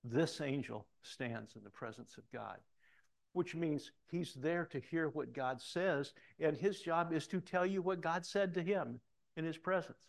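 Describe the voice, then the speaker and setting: A middle-aged man preaching a sermon, reading scripture aloud and breaking off into animated asides, loud for quoted lines and hushed for comments. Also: on the high side, measured pace, creaky. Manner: animated, swings between loud emphatic reading and quiet asides. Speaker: pastor.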